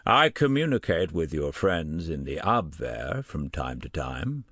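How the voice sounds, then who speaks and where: A blunt, gruff professor with an American accent, as a male narrator puts him on. The voice sits deep and low, and the delivery is dry and close, like a storybook reading. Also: very animated, measured pace, a bit bright, dry recording, exaggerated voice.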